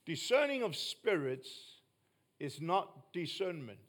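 A man preaching with a noticeably high voice. He presses his points emphatically, climbing to loud bursts before dropping back to quiet asides. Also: big pitch swings, slow. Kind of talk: sermon.

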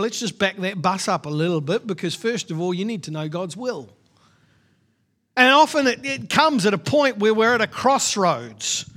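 High-voiced man preaching a sermon. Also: a bit bright. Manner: emphatic, repetitive, conversational preaching. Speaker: pastor.

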